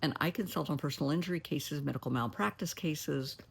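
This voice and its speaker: Brisk and husky, with vocal fry in her low voice, a middle-aged therapist delivers plainspoken, folksy advice to camera. She addresses people as honey and sweetheart and sometimes drops to a near whisper for emphasis.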